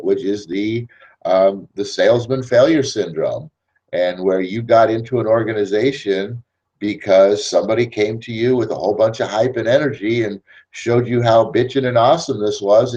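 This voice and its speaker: A man hosting a network marketing podcast, talking in an animated, persuasive casual monologue. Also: fairly low pitch, muffled recording. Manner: animated, persuasive, acts out scenes.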